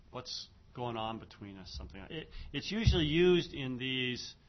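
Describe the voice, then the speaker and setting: A man's voice: fairly low pitch, a little hiss or hum. Lo-fi recorded man teaching Hebrew grammar. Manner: reads Hebrew aloud slowly, then translates and explains grammar; frequent "okay", "um" and "notice", conversational. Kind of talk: classroom lecture reading and parsing Hebrew. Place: classroom. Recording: dull lo-fi classroom recording.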